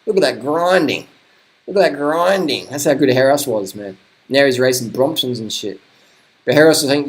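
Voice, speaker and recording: A middle-aged man, commentating old race footage in a blunt, sweary, chatty way, often laughing. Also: mid-range voice.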